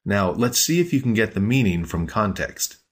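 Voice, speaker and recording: A man hosting a podcast language lesson, explaining phrases patiently and slowing down to stress key words. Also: lowish voice, expressive. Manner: clear, patient explaining with slowed-down emphasis.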